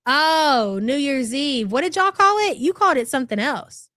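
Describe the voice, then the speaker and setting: A woman's voice: sits high, expressive, moderate pace, sharp tone, dry recording, clean studio sound. A woman hosting a casual livestream, gossiping and thanking viewers for super chats. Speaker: livestream host. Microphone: desk microphone.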